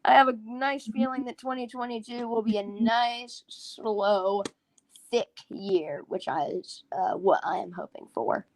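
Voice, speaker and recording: A woman's voice: on the high side, unhurried, creaky, dry recording, rough recording. A tired woman co-hosting a livestream in casual chat, rambling and restarting her sentences. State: tired, yawning. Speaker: livestream co-host.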